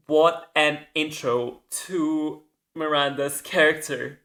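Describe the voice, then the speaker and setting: Man, podcast host, casual solo commentary, slow pace, bright tone. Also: medium pitch. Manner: rambling, self-correcting, swears casually.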